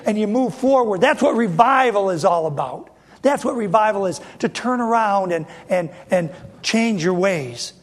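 A man's voice: high voice, expressive, moderate pace. A man in his fifties preaching a sermon as a pastor, folksy and emphatic, with repeated rhetorical questions.

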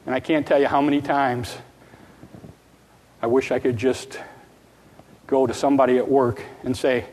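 A man's voice: medium pitch, flat delivery, moderate pace, long pauses, darkish tone, slight background noise. A man preaching a sermon, earnest and repetitive, sometimes acting out a child's pleading prayer. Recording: long reverb of a large hall.

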